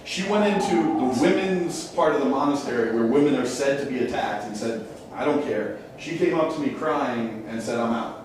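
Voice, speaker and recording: A man's voice: medium pitch, brisk, hardly any pauses. A man hosting a ghost hunt, briefing a live group in a casual, joking, self-mocking way. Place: large echoey stone building indoors. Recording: echoey hall, voice from far off, faint noise.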